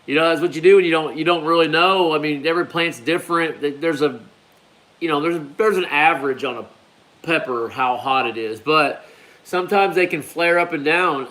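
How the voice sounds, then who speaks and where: A man's voice: fairly high pitch, fairly bright tone. A man hosting a live stream, talking in a loose, rambling way and calling viewers "man" and "bro". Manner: laid-back, rambling, peppers talk with "man" and "bro". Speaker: hot pepper grower hosting a live stream. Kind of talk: casual live-stream chat.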